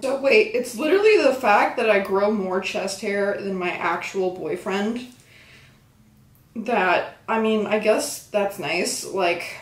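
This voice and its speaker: A woman's voice: medium pitch, slow pace. A young adult woman hosting a casual makeup tutorial, talking in a joking, self-deprecating way with sarcastic asides. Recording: echoey room.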